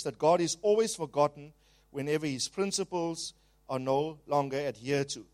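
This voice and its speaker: High-voiced emphatic male preacher. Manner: emphatic preaching, leads the congregation in call-and-repeat; slows down and rises in pitch and volume on key phrases. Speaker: pastor. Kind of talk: sermon.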